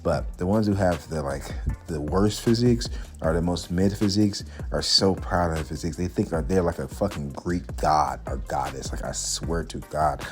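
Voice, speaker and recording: A man's voice: deep voice, moderate pace, faint music behind. A young man chatting casually and cursing freely while working out in a gym, upbeat and talkative. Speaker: fitness vlogger. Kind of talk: casual workout vlog talk.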